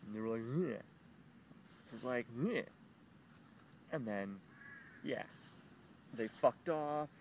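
Man, slow-talking, rambling personal story, swears a lot, fillers and restarts, faint background noise. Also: a little mellow. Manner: profane, halting, full of fillers and restarts; acts out the other people in his story with high-pitched voices.

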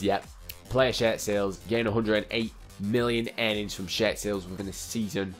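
Young man, lowish voice, chatty, joking, game commentary, faint music behind. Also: fairly even intonation, normal speed. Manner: chatty, joking, talks to the game players, laughs often. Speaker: gaming YouTuber. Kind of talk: casual gameplay commentary.

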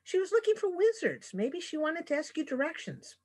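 A woman's voice: high voice, sing-song, normal speed, darkish tone, voice pushed up. A woman doing a shy little griffin cub. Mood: timid. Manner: timid, polite, stammering. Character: shy clumsy young male griffin cub.

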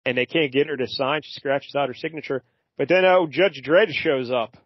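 Male podcast co-host, mid-pitched, loose and rambling delivery; dull, dry home recording. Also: moderate pace, dry recording. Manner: rambling, hesitant, with brief character voices. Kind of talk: casual comic book discussion.

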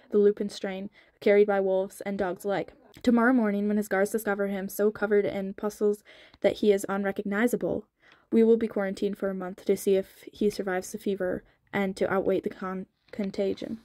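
A woman reading a cold, clipped young gang leader who gives orders in a curt, commanding way. The tone is mellow and the delivery stays flat. It comes from a dry, sped-up audiobook. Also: mid-range voice, fairly quick, dry recording, natural voice.

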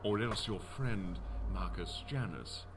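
A man's voice: sits low, slow pace, slight background noise. A man voicing a menacing elf lieutenant. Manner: cold, threatening.

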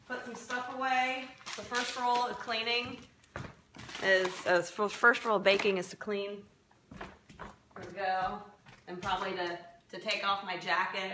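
Bright-voiced woman joking through a kitchen vlog. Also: a little high, a little hiss or hum. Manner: joking, rambling, self-mocking. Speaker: lifestyle blogger. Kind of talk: casual live-streamed baking vlog. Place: home kitchen. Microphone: phone camera. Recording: echoey kitchen on a phone.

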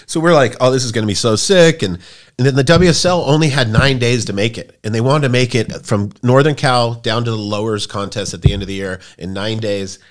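A man in his forties, a podcast guest, tells stories in a casual, rambling and profane way, jumping into loud high voices when he quotes people. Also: fairly quick. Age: 40s. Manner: acts out quoted voices with big pitch jumps. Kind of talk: casual storytelling chat.

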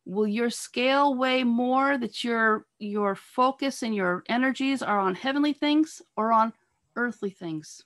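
A woman giving an earnest sermon over a video call, pressing her listeners with repeated rhetorical questions and halting now and then on fillers and restarts. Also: on the high side, fairly bright tone. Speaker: speaker at a church talk on marriage.

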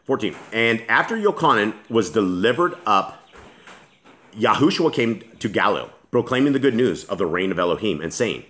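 Earnest man reading scripture, low-voiced. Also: sing-song, normal speed, fairly bright tone. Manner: earnest, emphatic, with frequent restarts. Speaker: Bible teacher.

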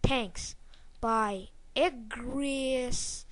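A young woman giving casual let's-play commentary, excitable and swearing as she talks to the game. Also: fairly high pitch, very slow, no echo. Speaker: gameplay commentator.

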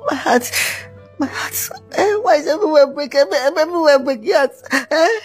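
A woman playing a heartbroken, dramatic male musician in a comedy skit, wailing and repeating herself. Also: high-pitched. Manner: wailing, melodramatic, repeats himself. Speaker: comic actor.

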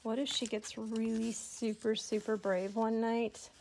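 Female art teacher, middle-aged, gentle and slow, with whispered asides, faint hiss behind. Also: fairly high pitch, level tone, gravelly. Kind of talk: art tutorial narration. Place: home studio at a table.

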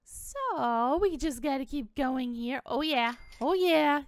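Bright, lively woman gamer. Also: high voice, takes it slowly, no room sound. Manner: chatty and playful, giggles often. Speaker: gaming video host. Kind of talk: casual let's-play commentary.

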